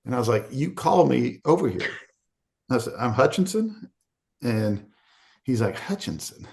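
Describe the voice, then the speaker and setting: A man's voice: medium pitch, very animated, measured pace, vocal fry, a little mellow. A middle-aged man from Arkansas, a podcast guest telling a candid story and acting out the quoted voices in it. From Arkansas, USA.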